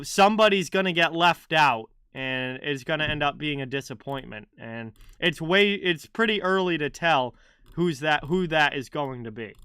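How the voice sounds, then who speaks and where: A man hosts a live hockey chat stream, talking casually and answering his viewers by name. His voice is bright and crisp, a touch higher than most men's. It is recorded close on a dry mic with no room sound. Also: no echo. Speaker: livestream hockey host.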